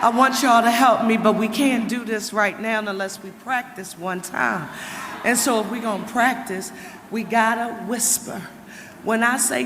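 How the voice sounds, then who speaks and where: A woman mayor, shouting a rally speech and leading the crowd in call and response. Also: on the high side, moderate pace, noisy background. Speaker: city mayor speaking at a rally. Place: large indoor rally hall with cheering crowd. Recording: echoey hall, roaring crowd.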